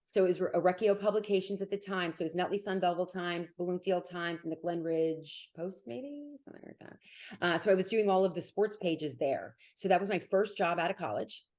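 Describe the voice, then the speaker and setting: A woman in her forties with a New Jersey accent, a sports broadcaster talking quickly and animatedly as an interview guest. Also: lowish voice, darkish tone. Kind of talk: casual interview.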